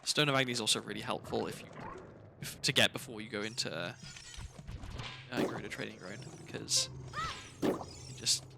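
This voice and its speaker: A man's voice: on the low side, moderate pace, creaky, pauses often, heavy background noise. A man commenting casually on his game as he plays, sleepy and yawning, rambling and correcting himself with a wry edge. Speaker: streamer playing a game. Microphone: desk microphone. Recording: loud background music under voice.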